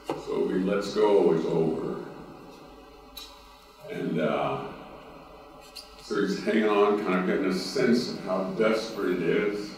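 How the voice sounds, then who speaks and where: A Cape Breton man speaks slowly on a conference panel, telling a story in a folksy way and stopping often to restart. His voice sits fairly low, and he sounds far from the mic in a very echoey hall with faint noise. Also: steady tone, darkish tone. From Cape Breton, Nova Scotia. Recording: roomy hall recording from a distance.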